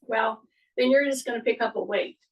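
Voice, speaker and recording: A woman's voice: a little high, moderate pace, recorded from a distance, dull audio. A woman fitness instructor leading an exercise class, giving step-by-step cues and often checking in with "okay?".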